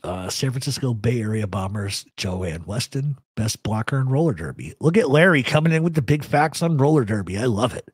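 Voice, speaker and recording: A man's voice: medium pitch, expressive, fairly quick, few pauses, breathy edge, no echo, studio quality. A man hosting a live talk show, giving blunt, rambling opinions to viewers in the chat. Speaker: host. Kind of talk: live radio chat answering a chat.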